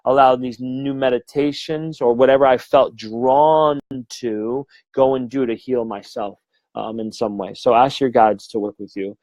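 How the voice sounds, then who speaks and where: A man's voice: mid-range voice, steady tone, measured pace, a little mellow, no echo, poor audio. A man giving a casual livestream talk as a medium, earnest and rambling, restarting his sentences and swearing now and then. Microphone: phone or webcam livestream.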